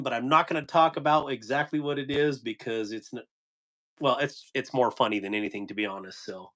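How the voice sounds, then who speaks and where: A man's voice: mid-range voice, a little fast, pushed and bright. A man in the middle of his range, talking loosely on a live stream. He rambles, chuckles often and answers viewers as he shows off gear. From United States. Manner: laughing, rambling, reading chat. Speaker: knife channel host on a live stream. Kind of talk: casual live-stream chat.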